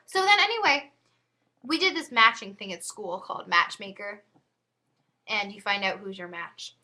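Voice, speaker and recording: A woman's voice: medium pitch, animated, moderate pace, bright, forceful tone. A teenage girl chatting casually to her webcam at home, giggly and full of asides. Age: teens. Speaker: vlogger.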